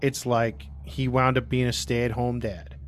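A man hosting a true crime podcast, telling the case in a casual, animated way and acting out what people said. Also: medium pitch, measured pace, slight background noise. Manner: animated, acts out quoted people, laughs often. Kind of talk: casual storytelling.

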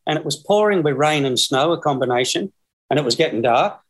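An Australian man in his sixties, speaking a touch higher than most men. He tells a long, rambling story and keeps breaking into chuckles. He sounds like he is on a video call. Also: expressive, fairly quick. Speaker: guest. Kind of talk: casual storytelling.

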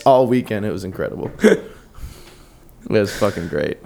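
A man's voice: fairly low pitch, brisk, creaky, long pauses. A young man co-hosting a casual podcast, telling stories in a loose, swearing way and acting out the people in them. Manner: swearing, animated storyteller who acts out shouted quotes. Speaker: podcast co-host. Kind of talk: casual storytelling chat.

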